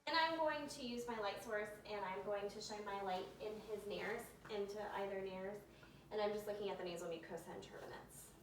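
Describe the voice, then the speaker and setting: A woman's voice: medium pitch, a little fast. A woman methodically talking through a clinical physical exam step by step, with occasional fillers, in an exam room. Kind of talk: narrated step-by-step clinical demonstration. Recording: echoey room, distant mic, faint hum.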